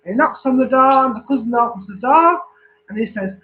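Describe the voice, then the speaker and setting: A man's voice: very high-pitched, lively intonation. A man telling a long joke casually, repeating himself and checking that his listeners follow. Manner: slow, repetitive storytelling with check-ins. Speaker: joke teller. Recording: tinny phone-like recording.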